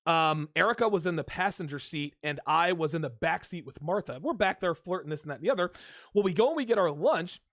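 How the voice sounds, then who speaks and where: A man hosting his own solo show, telling a story and commenting in a casual, animated, profane way, often restarting his sentences. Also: fairly high pitch, fast, dry recording, clean studio sound. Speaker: host of a commentary channel. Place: solo home studio with a fan nearby.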